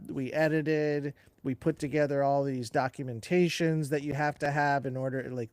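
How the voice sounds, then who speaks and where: A man's voice: on the high side, clear, resonant tone, no room sound. A man co-hosting a casual live question-and-answer chat, rambling, laughing often and correcting himself as he goes. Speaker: co-host.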